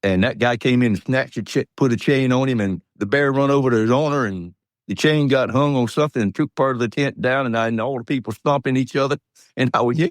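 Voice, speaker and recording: Folksy and rambling, an octogenarian Georgian with a Southern accent tells stories as an interview guest, chuckling as he goes. He speaks quickly at medium pitch, and the recording is dry and clean studio sound.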